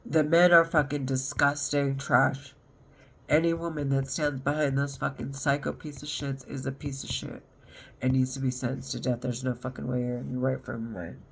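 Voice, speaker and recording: A woman's voice: extremely low pitch, little pitch movement, moderate pace, vocal fry, slightly rough. A woman talking straight to camera in a rambling, agitated monologue, swearing often. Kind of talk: monologue vlog.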